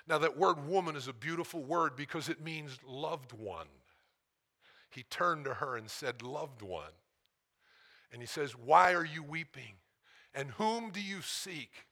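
Raspy, bright-voiced preacher man. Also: medium pitch. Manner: dramatic swings from loud calls to hushed whispers; asks the congregation "how many know". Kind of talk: sermon.

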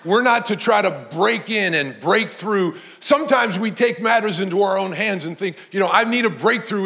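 High-voiced preaching man. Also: gravelly. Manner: storytelling preacher, emphatic, rising to shouts. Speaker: pastor. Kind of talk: sermon.

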